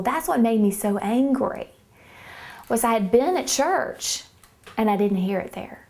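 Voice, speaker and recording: A woman earnestly telling her faith testimony, halting often with fillers as she talks. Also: a little high, a little mellow. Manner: earnest, hesitant, many fillers. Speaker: church member giving testimony.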